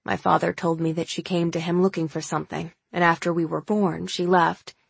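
A woman's voice: on the low side, level tone, brisk, gravelly, breathy edge, dry recording. A woman reading as a shy young man. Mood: quiet, guarded. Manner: hesitant, quiet. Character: shy, guarded young adult man shifter.

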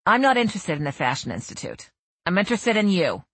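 Blunt, nasal society matron with a husky edge, a woman reading her; storybook figure, dry close sound. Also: on the low side, sing-song, quick pace, a bit bright, no room sound, heavily acted.

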